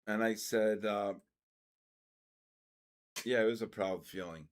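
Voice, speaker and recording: An older man hosting a live trading session, telling personal stories and calling market moves with loud excitement. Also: fairly low pitch, takes it slowly. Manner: storytelling, then loud excited market calls. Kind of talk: live trading stream chat and storytelling.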